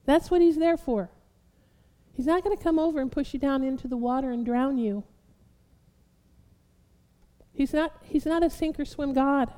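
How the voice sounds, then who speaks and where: A woman pastor preaching a sermon, building to loud, fervent exhortation and calling her listeners beloved. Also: high voice, smooth, big-room sound.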